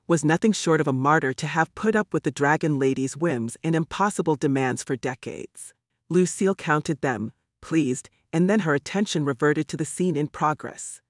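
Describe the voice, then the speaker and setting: A man narrating a story in a measured, storytelling manner, lightly voicing the characters. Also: on the high side, dry recording, clean studio sound. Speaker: audiobook narrator. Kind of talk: scripted narration.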